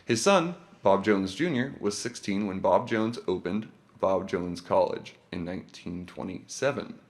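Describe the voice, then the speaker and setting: Man, podcast host, casual chat, swears freely, laughs a lot, lowish voice. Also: a little slow. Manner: profane, laughing storyteller. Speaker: podcast host presenting research.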